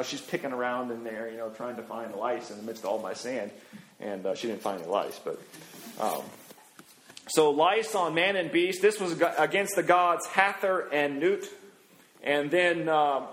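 A man's voice: mid-range voice, a bit bright, echoey room, low-quality recording. A middle-aged male preacher giving a sermon in a folksy, anecdotal way, with many fillers and asides.

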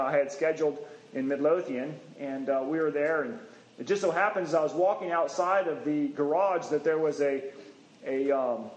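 A man preaching a sermon in a conversational, halting way, rising in pitch when he stresses a point. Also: echoey room, rough recording.

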